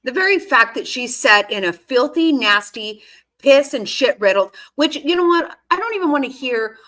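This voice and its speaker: A woman's voice: sits high, lively intonation, normal speed, bright, forceful tone. A woman giving casual reaction commentary on a court case, indignant and swearing freely as she talks back at the screen. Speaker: true-crime commentary host.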